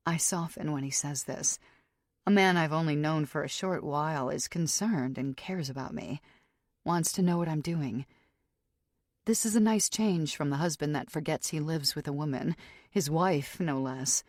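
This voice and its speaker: A woman narrating an audiobook in a measured, tense first-person voice. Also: sits low, darkish tone, dry recording, clean studio sound. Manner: measured, tense inner monologue.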